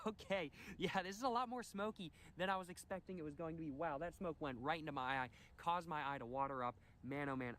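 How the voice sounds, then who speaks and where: Casting: a quick, slightly high man, mock-earnest vlog narration, faint room ambience. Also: fairly bright tone, slight background noise. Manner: mock-earnest, repeats catchphrases. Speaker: video creator.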